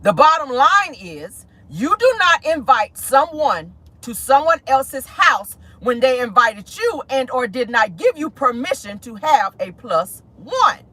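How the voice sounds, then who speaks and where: A sassy woman dishes celebrity gossip from the seat of her car, calling everyone honey and girl. Her voice is slightly high and husky, with a pitch that swings all over. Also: measured pace, few pauses, no echo. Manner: sassy, animated, calls listeners honey and girl. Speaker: host of a gossip talk show. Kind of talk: casual celebrity gossip commentary. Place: inside a car.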